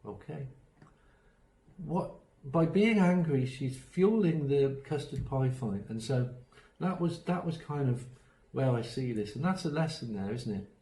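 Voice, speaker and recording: This man's mid-range voice is expressive and mellow, moving at a measured pace as he leads an online workshop on autism strategies through chatty storytelling, acted-out quotes, and many ums and restarts. The audio is poor, with an echoey room.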